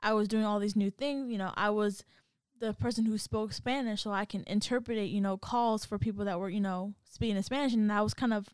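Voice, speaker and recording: A woman chats casually, telling a story with animated energy and putting on voices for the people in it. Her tone is smooth and clear. The sound is dry and close, with no room around it. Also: medium pitch, fairly quick, no room sound. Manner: animated storytelling, acts out quoted voices, laughs often. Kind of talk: casual chat.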